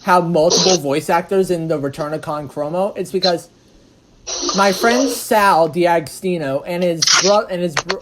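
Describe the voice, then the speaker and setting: Chatty interviewer over steady hiss. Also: mid-range voice, moderate pace. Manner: rambling, chatty, restarts mid-sentence. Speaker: host and interviewer of a fan production. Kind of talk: casual interview chat. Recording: noisy background hiss.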